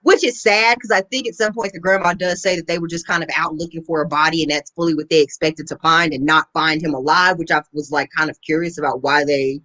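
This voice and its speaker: A woman's voice: sits low, fairly even intonation, fast, hardly any pauses, sharp tone, low-quality recording. A woman co-hosting a podcast, talking in casual chat with dry joking asides. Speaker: podcast co-host.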